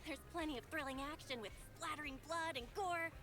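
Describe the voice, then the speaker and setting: A woman voicing a lively young woman shopkeeper in a video game, chatty and enthusiastic as she recommends things. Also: high-pitched, fairly quick, over music, close to an everyday voice. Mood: informative. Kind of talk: game voice acting.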